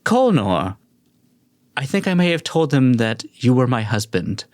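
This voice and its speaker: A man's voice: medium pitch, big pitch swings, measured pace, a little mellow, no echo, voice pushed up. A cheerful, evasive woman agent in a fantasy tabletop game, as a man puts her on. She brushes things off lightly, in a dry, close recording. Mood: breezy.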